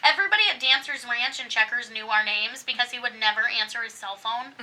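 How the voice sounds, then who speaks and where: Loud, bright-voiced woman in her thirties. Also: fairly high pitch, fairly quick, far from the mic, rough recording. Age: 30s. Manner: loud, animated, swears and laughs a lot. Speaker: podcast co-host. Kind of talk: casual chat.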